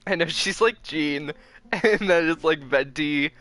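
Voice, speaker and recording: A young male streamer gives casual, rambling commentary while he plays, excitable and full of fillers. His voice is bright and forceful. Faint game music sits behind him. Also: fairly high pitch, unhurried.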